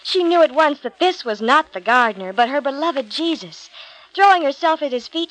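A woman's voice: high-pitched, lively intonation, moderate pace, a bit bright, rough recording. Woman reading a storybook aloud. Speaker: narrator.

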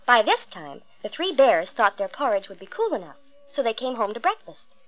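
A woman with a high voice reads a classic fairy tale aloud. Her storytelling is expressive and emphatic, pressing on the key words. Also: moderate pace, low-quality recording.

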